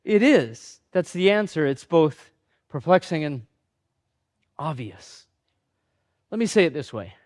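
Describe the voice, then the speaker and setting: A pastor with a notably high voice delivers his sermon like a conversation. He pokes fun at himself and briefly acts out the people in his stories. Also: animated, unhurried, long pauses, a little mellow. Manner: conversational, self-deprecating, acts out quoted voices.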